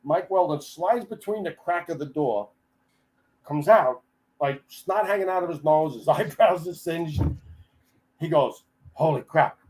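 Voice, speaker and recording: A man's voice: a little high, measured pace, poor audio. Chatty older man telling stories. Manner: animated storyteller who acts out the people he quotes; chatty, with frequent restarts. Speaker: podcast guest, retired firefighter. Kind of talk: casual storytelling in a podcast interview.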